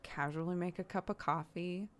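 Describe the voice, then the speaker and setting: Low-voiced chatty woman. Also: steady tone, moderate pace. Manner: chatty, lots of "like" fillers, laughs often. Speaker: streamer. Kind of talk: casual chat.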